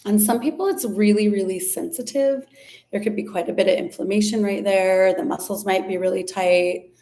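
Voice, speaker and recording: A woman leading a guided ear-massage and breathing practice, speaking gently and unhurriedly, with a few fillers and restarts. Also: medium pitch, steady tone, normal speed. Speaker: somatic practice instructor. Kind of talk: guided body practice instruction.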